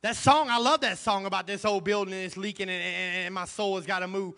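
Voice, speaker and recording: High, bright-voiced preaching pastor. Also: male voice, steady tone, fast. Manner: emphatic, repeats key phrases. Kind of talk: sermon. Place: church sanctuary. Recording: long church hall reverb.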